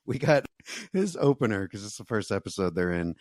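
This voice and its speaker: A man's voice: on the low side, big pitch swings, a little fast, a little mellow, dry recording, clean studio sound. A man with a New York accent, co-hosting a casual recap chat with joking, sarcastic asides and a polished voiceover delivery. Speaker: podcast co-host.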